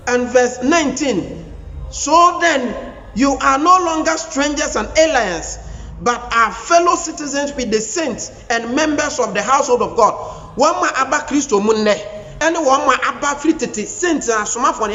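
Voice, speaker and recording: High-voiced Ghanaian preacher in an echoey church. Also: male voice. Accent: Ghanaian English. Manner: preaching with bursts of shouting, switching into Twi. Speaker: pastor. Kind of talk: sermon. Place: large church hall. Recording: echoey church hall, dull sound.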